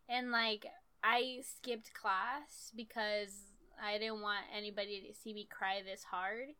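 A young woman tells a childhood story in casual, profane chat, laughing as she goes. Her voice sits a little high and comes out bright and crisp. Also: steady tone, a little slow.

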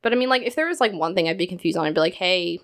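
A teenage girl chatting casually as a podcast guest, bubbly and quick to laugh. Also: fairly low pitch, animated. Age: teens. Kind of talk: casual chat.

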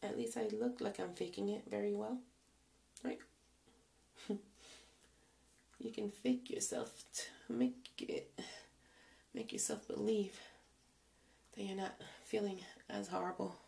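A tired, out-of-breath young woman talking casually while doing her hair, slowly and softly, often dropping to a whisper. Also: mid-range voice, creaky. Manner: slow, soft, often trailing into whispers. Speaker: vlogger.

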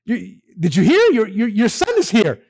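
A man preaching, voicing a joyful older father gently coaxing his son. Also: high-pitched, slow pace, husky, voice pushed up, full character voice. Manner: coaxing, excited.

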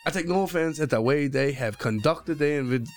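A man voicing a boastful demon axe murderer in a put-on Cajun accent, drawling slowly and calling people boy and baby. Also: on the high side, natural voice. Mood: menacing drawl. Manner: slow drawling delivery, calls listeners boy and baby. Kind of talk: dramatic letter reading.

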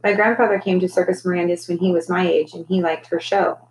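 A woman's voice: fairly low pitch, steady tone, fast talker, slight background noise, natural voice, poor audio. A woman voicing a polite, determined young boy in a children's story read aloud, speaking earnestly and courteously.

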